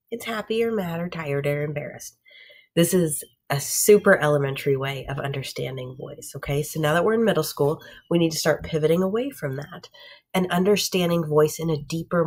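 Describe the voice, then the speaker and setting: A woman with a low, darkish, breathy-edged voice delivers a classroom lecture to middle schoolers. She explains patiently through everyday examples, checking in with "okay?" and "right?" after each point.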